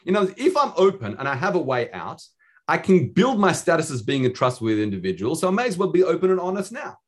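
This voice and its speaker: A man's voice: a little high, big pitch swings, quick pace. A man teaching a casual Talmud class, reading the text aloud and explaining it with many restarts. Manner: thinks aloud with restarts, reads Hebrew and Aramaic text then explains.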